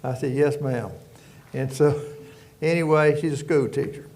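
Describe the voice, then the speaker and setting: A man's voice: on the high side, fairly even intonation, normal speed, a little mellow. An older man from Louisiana with a rural Southern accent, telling stories as an interview guest in a folksy, rambling way, often circling back with "anyway.". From Louisiana, United States. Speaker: guest, former prison warden. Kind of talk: storytelling interview.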